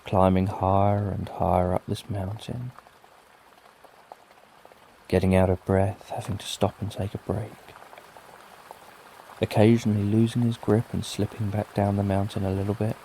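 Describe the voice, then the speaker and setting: A middle-aged British man narrating a bedtime story for sleep, gentle and lulling with plenty of repetition. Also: lowish voice, little pitch movement, moderate pace, pauses often, slight background noise. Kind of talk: slow soothing bedtime storytelling. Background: soft rain.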